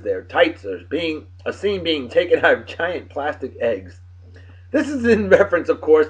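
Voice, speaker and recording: A man with a husky, slightly breathy voice reads movie trivia in a casual, lively way. His pitch jumps around a lot as he tosses in wry little comments. The recording sounds dull and lo-fi. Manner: offhand asides and wry comments. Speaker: host.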